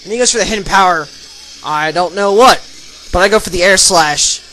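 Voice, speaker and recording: A young man narrating his online game battles as a channel host, energetic and breaking into loud excited shouts. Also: high-pitched, a little fast, noisy background. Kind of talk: excited battle commentary over gameplay video. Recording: voice-over with faint background music.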